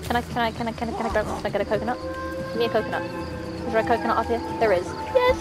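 A woman giving casual let's-play commentary, excitable and gasping, talking straight to the characters on screen. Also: on the high side, racing. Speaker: gaming video host. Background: game music.

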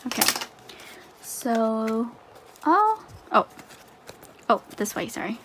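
A woman vlogger chatting casually through an unboxing, gushing and excitable with frequent laughs. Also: fairly high pitch, slow, slight background noise.

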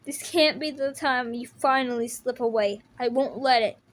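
A woman's voice: fairly high pitch, moderate pace, natural voice. A woman voicing a tough but emotional teenage boy turtle, earnestly pleading with his brother. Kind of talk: fan audio drama voice acting.

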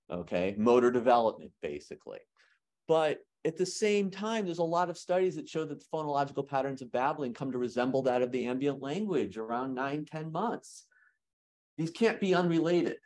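Lively man giving an academic lecture. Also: medium pitch. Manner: lively, jokes with the audience. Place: lecture hall.

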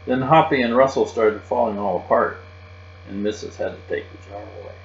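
A man reading a children's chapter book aloud, expressive and lively in a child's first-person voice. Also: on the low side, normal speed. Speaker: reader. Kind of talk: storybook read-aloud. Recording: muffled, roomy recording with mains hum.

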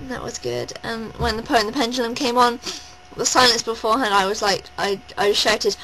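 A woman vlogging at home, gushing and rambling in a breathless, excited rush. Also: on the high side, fairly quick, hardly any pauses, low-quality recording. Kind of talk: excited personal vlog. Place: at home indoors.

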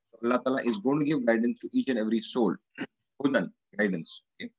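Husky man teaching Quranic Arabic grammar. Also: mid-range voice, fast, no room sound, poor audio. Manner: methodical, repeats each word and its meaning.

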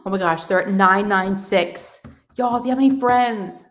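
A woman with a drawl hosts a casual crafting livestream from her home craft room. She reads comments aloud and gushes over her viewers, effusive and easily excited. Her voice sits at an ordinary pitch for a woman. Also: a little slow. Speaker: livestream host of a crafting channel.

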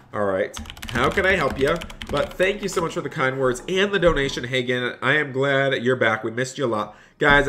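A man's voice: medium pitch, fairly bright tone, slight background noise. Male streamer, upbeat clerk patter in a game role-play, repeats his lines, faint typing behind. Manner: reads and thanks chat between lines. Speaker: streamer playing a phone store clerk.

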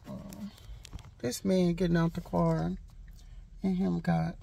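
A woman's voice: lowish voice, flat delivery, takes it slowly, gravelly, warm tone, a little hiss or hum, poor audio. A woman vlogging to her phone camera from the driver's seat of a parked car. She talks in a sassy, emphatic storytime way, circling back and repeating lines to drive each point home. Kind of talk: casual storytime vlog. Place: parked car outside a hospital. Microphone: handheld phone camera.

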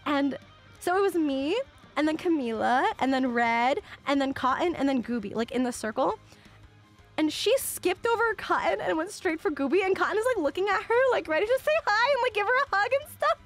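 Young woman, high voice, lively swooping pitch, chatty storyteller, soft guitar music behind. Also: brisk. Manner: animated, chatty, filler-heavy, laughs often. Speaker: streamer. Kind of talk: casual storytelling.

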